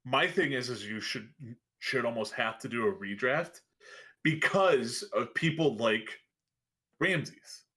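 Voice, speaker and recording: A man's voice: medium pitch, expressive, pushed and bright. A man co-hosting a casual podcast chat, teasing the others and restarting his sentences. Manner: teasing, quick, many restarts. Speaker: podcast co-host.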